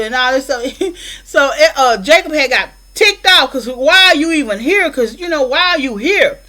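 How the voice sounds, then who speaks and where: Woman with features, retelling a movie plot all loose and rambly, voice a bit high. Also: expressive, normal speed, pushed and bright, poor audio. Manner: rambling retelling with quoted dialogue and many fillers. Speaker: film reviewer. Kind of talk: casual movie recap.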